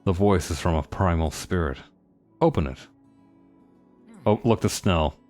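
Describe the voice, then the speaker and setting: A man's voice: deep voice, lively intonation, unhurried, darkish tone, soft background music. A man thinking aloud and reading game text during a let's play, musing with many restarts. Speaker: game streamer.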